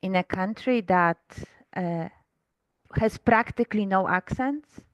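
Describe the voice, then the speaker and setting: A woman from Poland speaks English, working through her ideas slowly and pausing on fillers. Her voice is smooth and resonant. The recording is dry, with no room sound. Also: medium pitch, no room sound, muffled recording. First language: Polish. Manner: thoughtful, hesitant, many fillers. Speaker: guest author. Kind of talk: reflective conversational interview.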